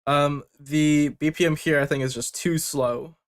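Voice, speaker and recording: A man's voice: on the high side, fairly even intonation, a little slow, soft background music. A young man hosting a livestream, bluntly reviewing submitted tracks with casual joking and swearing. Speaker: music producer giving feedback on submissions.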